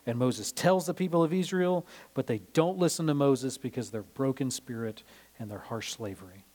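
A man teaching through a Bible passage in a relaxed, conversational way, retelling scripture in plain modern words with frequent "um"s. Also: medium pitch, moderate pace. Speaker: preacher. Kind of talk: sermon-style Bible teaching.

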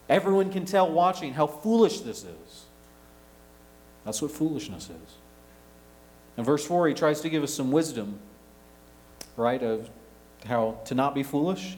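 A man, preaching a sermon, rising to loud emphasis and dropping to quiet asides. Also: medium pitch, low-quality recording. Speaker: pastor.

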